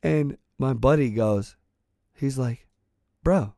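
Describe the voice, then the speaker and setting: A man's voice: medium pitch, expressive, takes it slowly, creaky, a little mellow, dry recording, clean studio sound. A man telling a personal story in a casual, rambling way, swearing freely and restarting his sentences often. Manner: rambling and profane, with many restarts. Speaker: channel host.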